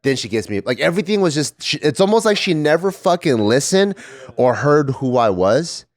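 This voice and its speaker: A man's voice: on the high side, sing-song, moderate pace, no echo. A man co-hosting a podcast, telling frank and profane stories in casual chat. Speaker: podcast co-host.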